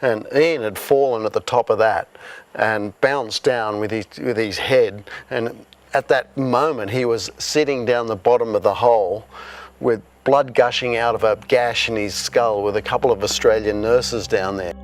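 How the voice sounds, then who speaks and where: Animated male storyteller recounting events. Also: fairly low pitch, moderate pace. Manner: animated, acts out dialogue in the retelling. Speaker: interviewee recounting past events. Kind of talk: casual storytelling.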